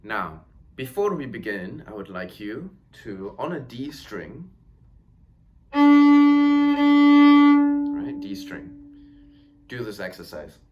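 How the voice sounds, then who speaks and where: A man's voice: lowish voice, huge pitch swings, takes it slowly, long pauses, over loud music. A man teaching a violin lesson, counting beats aloud and explaining patiently with encouraging words. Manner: reassuring, encouraging. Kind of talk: step-by-step instrument lesson. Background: violin playing.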